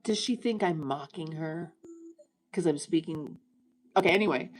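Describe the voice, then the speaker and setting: A woman's voice: low-pitched, moderate pace, a little hiss or hum, poor audio. A woman in her fifties chatting on a livestream, rambling and joking as she talks straight to her viewers. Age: 50s. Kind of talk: casual livestream chat.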